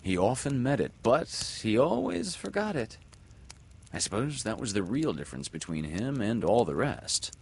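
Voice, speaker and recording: A man reading a children's story aloud in a dramatic way, swinging from loud calls to soft whispers. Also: mid-range voice, sing-song, normal speed, creaky, breathy edge.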